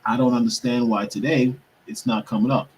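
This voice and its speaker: A man's voice: mid-range voice, steady tone, a little fast, a little hiss or hum, rough recording. A young man hosting a show, talking casually to viewers while he struggles with his computer, muttering and swearing to himself in frustration. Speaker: podcast host.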